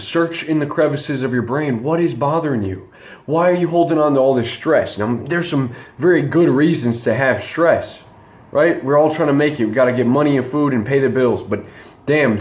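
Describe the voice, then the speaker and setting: A man's voice: mid-range voice, darkish tone. Slangy young man telling a story, echoey room. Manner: rambling, slangy, with many fillers and restarts. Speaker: dating advice vlogger. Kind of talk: casual storytelling monologue.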